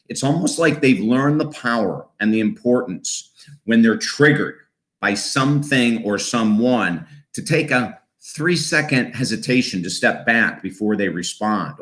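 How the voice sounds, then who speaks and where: Middle-aged male counselor, mid-pitched, earnest and coaching, steady advice talk. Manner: earnest, coaching, repeats key points with rhetorical "right?". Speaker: counselor and self-help host. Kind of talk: direct-to-camera advice talk.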